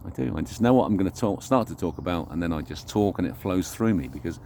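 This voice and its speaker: A man's voice: low-pitched, expressive, fast, vocal fry, mellow, slight background noise. A man vlogging an unscripted, reflective monologue, talking earnestly and searching for his words as he goes.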